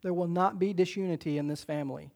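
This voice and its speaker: A middle-aged pastor delivering a sermon, stretching out quoted scripture slowly and rushing through his calls to unity. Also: high-pitched, fairly even intonation, vocal fry, a little mellow. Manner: emphatic preacher, slows for quoted scripture, speeds up for exhortations.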